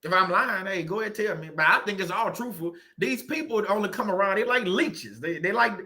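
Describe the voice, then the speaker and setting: A man's voice: sits high, animated, a little fast, sharp tone. A man from Louisiana, hosting a casual motivational talk, joking and laughing often as he makes his points. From Southern Louisiana. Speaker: channel host. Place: room at home.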